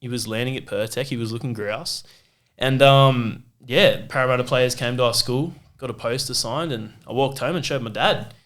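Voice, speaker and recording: Young man, Australian accent, bright voice, podcast host, casual chat, animated. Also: mid-range voice, moderate pace. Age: young adult.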